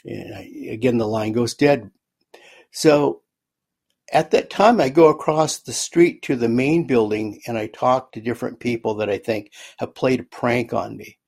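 A man, a guest author in an interview, recounting a personal story in a halting way, often repeating words as he goes. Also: medium pitch, gravelly, a little mellow, husky.

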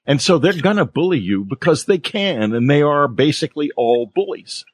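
A man with a husky, slightly rough voice hosts an interview. His pitch rises and falls a lot as he asks open, reflective questions in a casual chat. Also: expressive, normal speed. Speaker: interview host.

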